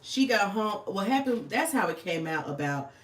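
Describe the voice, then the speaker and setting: A woman's voice: mid-range voice, expressive, moderate pace, roomy sound, slight background noise. A woman, chatting casually and swearing freely on a livestream. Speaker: livestream host. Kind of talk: casual livestream chat while planning.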